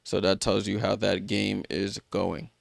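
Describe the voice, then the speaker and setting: A man with a lowish, monotone voice and vocal fry hosts a live sports watchalong at an unhurried pace. He recaps scores in a loose, chatty manner, full of fillers and restarts, answering viewers by name. It's clean studio sound with no room sound.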